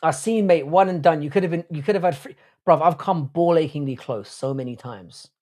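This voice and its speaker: A man's voice: a little high, a little fast, darkish tone. A man hosting a casual livestream chat, rambling and swearing, often restarting his sentences. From Ireland. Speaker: podcast host.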